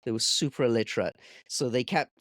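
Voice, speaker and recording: A man who works as a chef, a guest on a podcast, telling anecdotes in a relaxed, casual way. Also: mid-range voice, a little fast, no echo. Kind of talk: casual chat.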